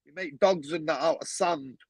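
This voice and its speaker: A man, a podcast guest telling animated stories, swearing often and acting out other people's voices. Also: a little high, normal speed, creaky, husky, dry recording, rough recording. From Manchester, England. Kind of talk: casual storytelling.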